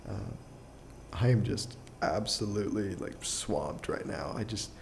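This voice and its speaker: A young adult man, a podcast guest, telling a personal story in a casual, rambling way full of fillers and quick chuckles. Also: on the low side, lively intonation, creaky, slight background noise. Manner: rambling, filler-heavy, restarts often, chuckles through his story.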